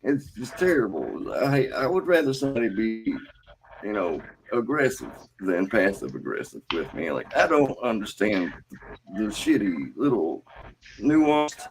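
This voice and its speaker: A man's voice: fairly low pitch, big pitch swings, a little slow, faint music behind, poor audio. A male comedian in casual chat, joking around and slipping into mock accents. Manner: jokey, slips into mock accents.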